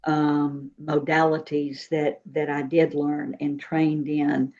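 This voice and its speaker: A woman, a psychic and Reiki practitioner, talking in an unhurried, soft-spoken way as an interview guest. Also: low voice, little pitch movement, lo-fi sound. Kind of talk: casual interview talk.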